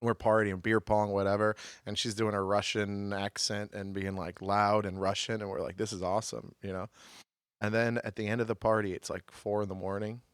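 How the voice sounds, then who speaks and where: A man's voice: lowish voice, level tone, moderate pace, clean tone, no echo, clean studio sound. A young man co-hosting a comedy podcast, chatting casually in a joking, blunt and crude way. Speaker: podcast co-host.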